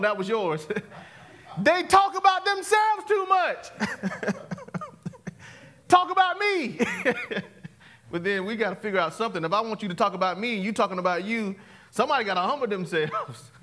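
A male pastor, preaching an interactive, call-and-response sermon that swings from loud to hushed, laughing often. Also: high-pitched, expressive, brisk.

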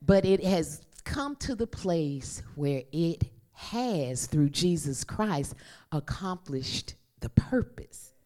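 A woman preaching a sermon, calling on the congregation to repeat after her and dropping from loud exclamations to near-whispers. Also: deep voice, slow pace. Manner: animated, call-and-response with congregation.

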